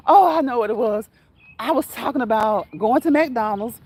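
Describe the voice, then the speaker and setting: Casual woman, livestream host, breathy and high, laughs often. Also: moderate pace, darkish tone. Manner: laughs often until crying, talks straight to viewers. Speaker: livestream host reading chat comments.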